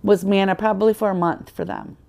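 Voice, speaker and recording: A woman's voice: mid-range voice, fairly even intonation, a little fast, vocal fry, darkish tone. A woman guest on a podcast, earnestly telling her personal faith story in conversation and acting out the dialogue she quotes.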